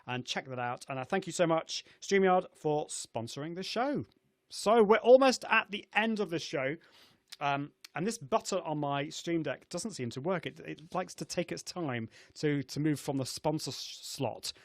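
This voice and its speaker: A middle-aged man hosts a casual live video show from a video call setup, his slightly high voice lively in intonation at a normal speed. He is chatty, laughs often, and uses lots of fillers and restarts, and the studio-quality recording is dry.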